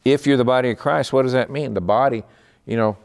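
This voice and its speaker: A man preaching a midweek sermon in a conversational way. He slows down to explain terms and often repeats words. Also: medium pitch, vocal fry, a little mellow. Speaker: pastor.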